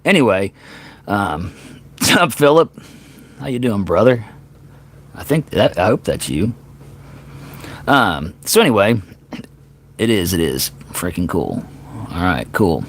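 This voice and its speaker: Rambling, lively-voiced streaming musician. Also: male voice, fairly low pitch, slow pace, pauses often, breathy edge. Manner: rambling, self-correcting storyteller. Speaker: singer-songwriter livestream host. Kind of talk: casual livestream chat.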